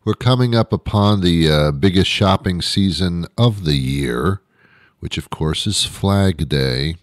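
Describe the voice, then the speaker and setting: A man's voice: low voice, unhurried, dry recording. A middle-aged man hosting a comedy show, delivering a rambling, sarcastic, self-mocking monologue into a close microphone. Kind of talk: satirical comic monologue. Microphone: close studio microphone.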